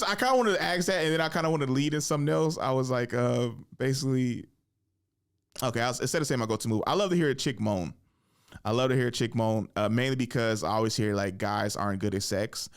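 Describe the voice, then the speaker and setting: A man's voice: medium pitch, quick pace, clear, resonant tone. A young man hosts his own podcast, telling loose, profane stories alone and laughing as he acts out the people in them. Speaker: podcast host. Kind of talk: casual storytelling monologue.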